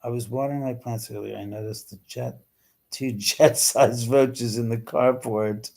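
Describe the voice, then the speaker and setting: With a gravelly, warm, mid-range voice, this man speaks in a steady tone and a bit slowly as he hosts a casual home livestream. He answers viewers' questions, exclaiming and cursing freely.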